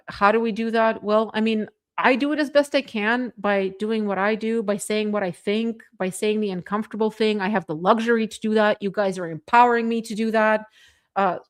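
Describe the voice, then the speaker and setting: A woman hosting a casual political livestream, reading viewer comments and chatting with a sarcastic edge, laughing often. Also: mid-range voice. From Canada. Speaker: livestream host reading chat.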